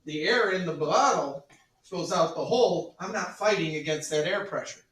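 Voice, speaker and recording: High, bright-voiced joking male teacher. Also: animated, normal speed. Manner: joking, repeats "all right", calls the class "ladies and gentlemen". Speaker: chemistry teacher. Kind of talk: classroom demonstration. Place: school classroom. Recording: echoey classroom from far off.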